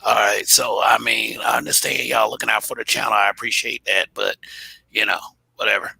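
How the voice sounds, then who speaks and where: A man's voice: on the low side, little pitch movement, brisk, gravelly, bright, forceful tone, husky, dry recording, low-quality recording. A man hosting a live-stream panel, talking loosely with many fillers and restarts. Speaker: livestream host. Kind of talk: casual live-stream chat.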